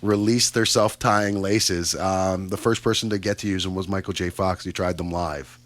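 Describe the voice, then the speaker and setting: A man's voice: sits low, steady tone, normal speed, a bit bright. A Canadian man hosting a casual radio chat show, upbeat and chatty with lots of fillers and asides. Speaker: radio host. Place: radio studio.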